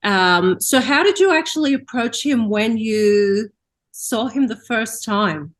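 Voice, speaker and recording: A woman hosting an interview, asking follow-up questions in a relaxed conversational way. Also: on the high side, slow. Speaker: interview host. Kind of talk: casual interview.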